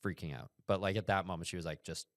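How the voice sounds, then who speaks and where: A man's voice: low voice, very fast, a bit bright, no echo, studio quality. A young man co-hosting a comedy podcast, telling a rambling story full of fillers and swearing. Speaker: podcast co-host.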